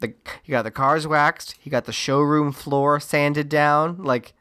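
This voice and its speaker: A man's voice: a little high, steady tone, unhurried, sharp tone, clear, resonant tone. A man co-hosting a podcast, recapping a movie in casual chat with sarcastic asides and silly character voices. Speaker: podcast co-host.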